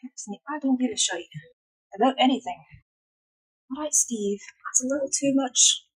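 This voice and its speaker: A woman's voice: high voice, moderate pace, breathy edge, poor audio. Blunt, cursing young woman streamer. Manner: blunt, swears freely, drifts between loud and hushed. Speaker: live streamer. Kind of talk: casual chat with stream chat.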